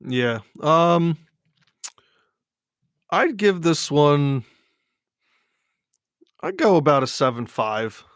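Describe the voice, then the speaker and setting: A man's voice: on the high side, lively intonation, clean tone, dry recording, studio quality. A man with a Philadelphia accent, chatting casually as a podcast guest, often restarting his sentences. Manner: rambling, halting with restarts. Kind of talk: casual chat.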